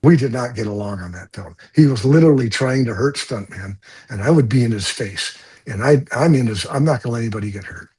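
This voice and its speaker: An older man, a stunt coordinator, telling blunt, animated stories from film sets in an interview and swearing freely. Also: medium pitch, a little fast, few pauses, husky. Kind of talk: storytelling interview.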